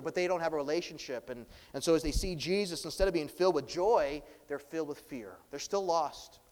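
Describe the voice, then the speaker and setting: A man preaching a sermon, earnest, swinging between emphatic and hushed delivery. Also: on the high side, long reverb tail. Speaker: pastor.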